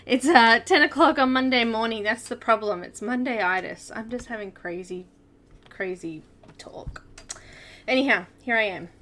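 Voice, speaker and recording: A woman's voice: fairly high pitch, normal speed, fairly bright tone. A woman hosting a live coloring stream, chatting casually, giggling often and greeting viewers by name. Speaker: coloring livestream host.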